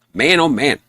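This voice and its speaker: An easygoing man with a rough, gnarly voice chats as he plays a game live, rambling and answering his chat. His voice sits a little high for a man and is recorded dry and close. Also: dry recording. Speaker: game streamer. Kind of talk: casual live-stream chat.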